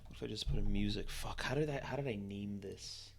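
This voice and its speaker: A man's voice: on the low side, brisk, creaky. A man streaming a text adventure game, chatting casually, laughing often and swearing as he thinks aloud. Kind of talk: casual let's-play commentary.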